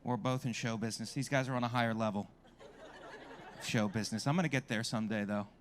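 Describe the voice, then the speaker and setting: A man's voice: medium pitch, steady tone, fast talker, slight background noise. A man doing a stand-up comedy set on a club stage, brash and crowd-working, swearing freely into a handheld mic.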